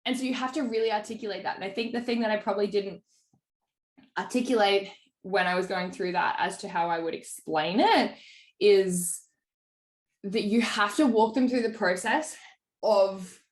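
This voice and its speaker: A woman coach talks through sales calls in an easy, chatty way, leaning on fillers. Her voice sits at a middle pitch. The room around her is roomy and echoey. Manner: chatty, filler-heavy, acts out client quotes. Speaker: business coach. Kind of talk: casual coaching call.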